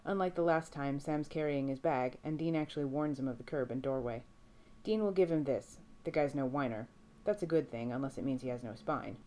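A woman narrating a story aloud in a steady, measured reading voice. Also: very deep voice. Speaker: reader. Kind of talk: audiobook fiction reading.

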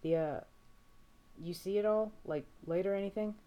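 A woman reading aloud voices a gruff young male hunter in an audiobook, blunt and offhand. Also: mid-range voice, normal speed, lo-fi sound, pitched above the performer's own voice, close to an everyday voice.

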